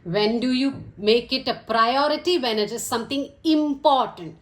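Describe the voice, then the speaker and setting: A woman teaching English vocabulary, listing words one by one in a slow, deliberate way. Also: high voice. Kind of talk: vocabulary lesson. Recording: echoey room.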